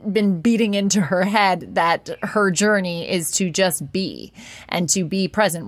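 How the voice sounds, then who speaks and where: A woman's voice: on the low side, dry recording. A woman life coach hosting a podcast interview, talking in a chatty coaching way and laughing often.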